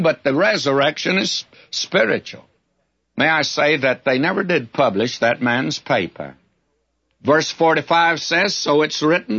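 A man teaching through a Bible passage in sermon style, folksy and emphatic, with lively storytelling asides. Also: a little high, slightly rough, dull audio.

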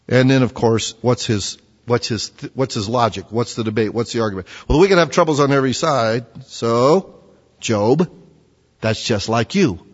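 Preacher asking rhetorical questions. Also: male voice, mid-range voice. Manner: conversational, rhetorical questions, animated. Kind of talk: sermon. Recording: dull sound with long hall reverb.

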